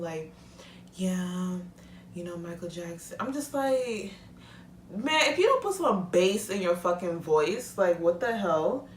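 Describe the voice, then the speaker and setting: A woman's voice: lowish voice, a little hiss or hum. Heated young woman ranting bluntly. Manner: blunt, heated, swears freely. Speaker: vlogger. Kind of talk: casual rant to camera. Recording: echoey room, mic at a distance.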